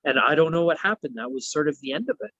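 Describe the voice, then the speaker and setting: A man's voice: on the high side, animated, fast, pushed and bright, no echo, lo-fi sound. Swearing man telling a story. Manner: swears constantly, rambling. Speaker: wrestler guest. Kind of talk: casual storytelling.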